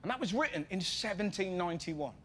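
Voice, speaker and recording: A man with an English accent doing stand-up comedy, sarcastic and punchy, shouting the punchlines. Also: high-pitched, expressive, a little fast. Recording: TV clip with loud background noise.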